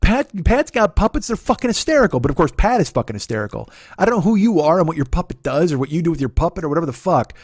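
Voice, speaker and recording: A man's voice: big pitch swings, rapid-fire, hardly any pauses, slightly rough, no room sound, studio quality. A man in his forties hosting a comedy podcast, ranting with a lot of swearing and mocking. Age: 40s. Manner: mock voices for others, high and loud. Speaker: podcast host. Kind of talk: comedic rant.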